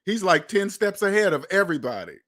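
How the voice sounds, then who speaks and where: A man's voice: sits high, very animated, brisk, fairly bright tone. Emphatic man ranting to his viewers. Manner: emphatic, repetitive, profane, talks straight to viewers. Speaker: finance channel host. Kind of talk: casual monologue commentary.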